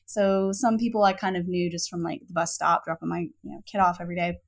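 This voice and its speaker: A woman's voice: on the low side, fast talker, vocal fry. A woman, co-hosting a podcast and telling a story casually, full of "like" and "you know". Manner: animated, peppered with "like" and "you know". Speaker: podcast co-host.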